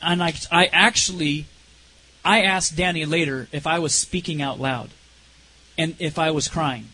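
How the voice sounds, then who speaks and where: A man with a high voice tells a personal testimony with deep feeling. He speaks earnestly and haltingly, and at the heaviest moments he drops to a low, quiet voice. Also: steady tone, slight background noise, low-quality recording.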